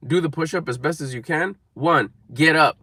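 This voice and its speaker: A man's voice: on the high side, moderate pace, sharp tone, breathy edge, no echo, clean studio sound. A man giving an emphatic, repetitive motivational talk to camera, coaching viewers. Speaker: motivational speaker.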